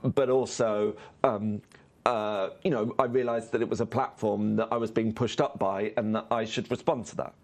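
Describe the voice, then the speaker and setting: A screenwriter being interviewed on stage, speaking haltingly with many restarts and fillers. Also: male voice, on the low side, fairly even intonation. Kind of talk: conversational interview. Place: on stage at a live festival event.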